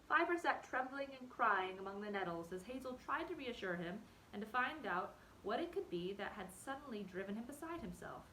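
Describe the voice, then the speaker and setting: Teacher lady reading a chapter to her class, bright, lively, expressive. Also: fairly high pitch, a little fast, hardly any pauses, a little hiss or hum, low-quality recording. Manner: expressive, storytelling. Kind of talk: reading a novel aloud to a class.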